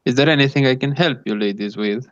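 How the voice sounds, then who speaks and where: A man's voice: medium pitch, quick pace, no echo, close to an everyday voice. A man doing a dapper Italian professor. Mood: courteous. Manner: smooth, courteous, inviting. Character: dapper middle-aged Italian professor, polite gentleman. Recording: dull lo-fi sound.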